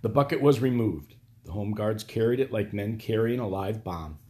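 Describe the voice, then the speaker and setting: Male audiobook narrator, low voice, steady and even delivery. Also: normal speed.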